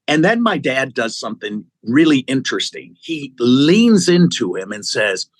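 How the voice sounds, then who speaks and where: As an interview guest, this middle-aged CEO of an executive search firm tells lively stories, performing the voices of those he quotes. He speaks at a measured pace and medium pitch, with no echo.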